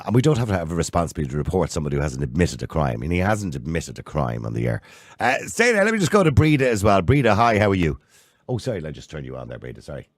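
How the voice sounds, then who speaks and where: A very deep-voiced Irish man in his sixties hosts a call-in radio show. He talks quickly with a lively, swinging delivery, blunt and opinionated. The sound is close and dry, with no room around it. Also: dry recording. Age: 60s. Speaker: radio talk show host. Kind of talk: phone-in radio chat.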